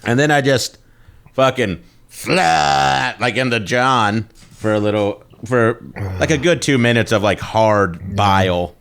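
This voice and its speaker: A man with a low-pitched voice co-hosts a casual comedy podcast. He rambles through crude, joking stories in loose, off-the-cuff talk. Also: a little slow, a bit bright, clean tone.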